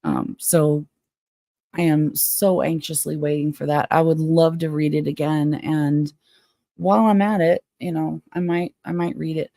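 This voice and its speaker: A woman's voice: sits low, steady tone, gravelly, dark tone, no room sound, studio quality. A woman hosting a casual live stream from home, reading a book aloud and chatting frankly with viewers. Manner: chatty, frank, quick to get worked up. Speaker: livestream host.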